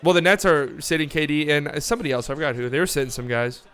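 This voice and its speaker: A man hosting a live watch party stream, calling the game in casual play-by-play that swings between calm calls and excited, swearing outbursts. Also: a little high, quick pace, clear, resonant tone.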